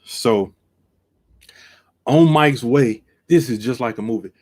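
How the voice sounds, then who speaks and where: A man telling a story on a live stream, acting out each line and jumping from quiet to loud, seated at his desk camera. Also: slow pace. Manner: acts out every quote, jumps from low to loud. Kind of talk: animated storytelling.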